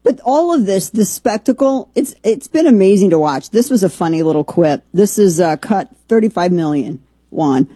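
A woman's voice: medium pitch, expressive, normal speed, mellow, slightly rough, no echo. A woman hosting a podcast in a rambling, casual commentary with sarcastic asides. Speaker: podcast host.

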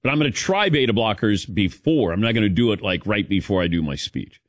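A man's voice: on the low side, fast, dry recording, studio quality. A man hosting a casual radio talk show, calling on his co-hosts and acting out quoted voices. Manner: animated, acts out quoted voices. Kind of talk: casual studio chat.

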